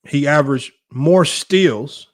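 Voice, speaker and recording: Man, sports live streamer, fired-up rant, exasperated, slightly high voice. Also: slow pace. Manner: heated, ranting, exasperated.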